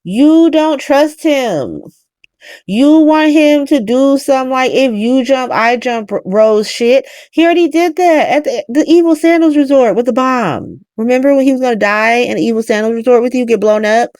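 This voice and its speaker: A woman's voice: high voice, moderate pace, hardly any pauses, darkish tone, dry recording, studio quality. A young woman recapping soap episodes in casual chat, ranting, swearing and talking straight at the characters. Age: young adult. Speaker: soap opera recap host.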